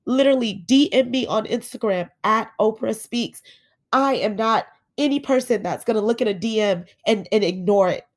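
A woman's voice: mid-range voice, moderate pace. A woman hosting a faith podcast from her bed, earnestly encouraging her listeners and calling them guys. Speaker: podcast host. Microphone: home podcast setup.

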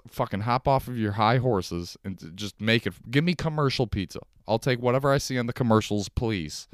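Low, smooth-voiced man ranting casually. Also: no room sound, clean studio sound. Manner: profane, rambling, laid-back. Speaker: podcast host. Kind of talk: casual solo podcast rant. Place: home couch.

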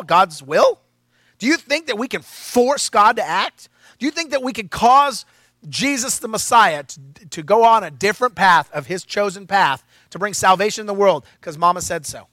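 A male pastor preaching a sermon in a playful, animated way, with asides to his congregation. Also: high-pitched, dry recording.

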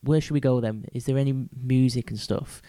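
A man's voice: medium pitch, fairly even intonation, brisk, mellow, no room sound. A man co-hosting a podcast, recounting a day out in casual chat, checking in with tag questions. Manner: chatty, checks with tag questions, laughs a lot. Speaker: podcast co-host.

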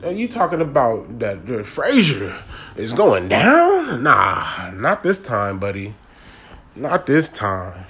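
A man's voice: mid-range voice, huge pitch swings, takes it slowly, sharp tone, slightly rough. A man, ranting casually and animatedly about a sports game in slangy talk. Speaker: sports commentator.

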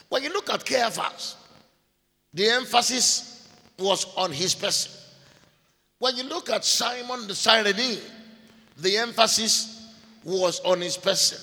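A man teaching a sermon in a deliberate way, repeating key phrases and spelling out names letter by letter. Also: high-pitched, vocal fry, pushed and bright. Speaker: preacher. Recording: long hall reverb.

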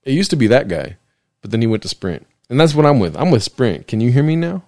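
A young man hosts his solo podcast from a desk in his living room, rambling from joke to joke with plenty of swearing. His pitch swings widely as he slips in and out of mock voices. The sound is close and dry. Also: sing-song, fast, darkish tone, dry recording. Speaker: podcast host. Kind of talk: casual solo podcast chat.

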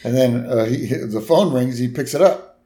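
A man's voice: medium pitch, normal speed, mellow. A man co-hosting a podcast, laid-back, chiming in with agreement while recapping a cartoon episode. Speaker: podcast co-host. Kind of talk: casual episode recap chat.

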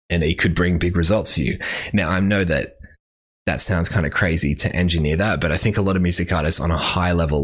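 A man with a very low voice hosts a casual solo podcast. He rambles loosely and fills pauses with "like" and "uh". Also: breathy edge. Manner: rambling, with many fillers. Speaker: podcast host.

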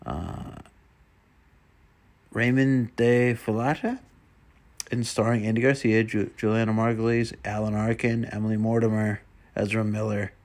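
Male vlogger, low and gravelly, loose rambling delivery with frequent swearing. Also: level tone, a little slow, long pauses, a little mellow. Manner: rambling, swears often, mutters to himself. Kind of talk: casual solo chat while browsing.

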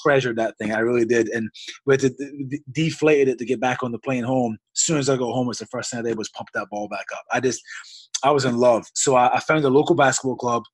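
Husky man telling a rambling story. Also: mid-range voice, fairly even intonation, quick pace, dry recording. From Scotland. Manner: earnest, rambling storyteller with frequent restarts. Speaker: basketball coach, interview guest. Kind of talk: long personal storytelling in an interview.

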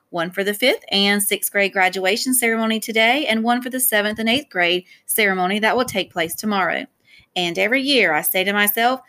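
A woman's voice: mid-range voice, pushed and bright. A woman reading as a formal male school director. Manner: formal, measured speechmaking. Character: stern male school director giving a speech.

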